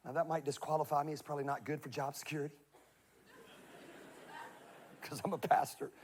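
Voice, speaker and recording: A middle-aged male pastor preaching a humorous sermon, swinging from hushed confession to shouted scripture readings. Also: fairly high pitch, flat delivery, normal speed, a little hiss or hum.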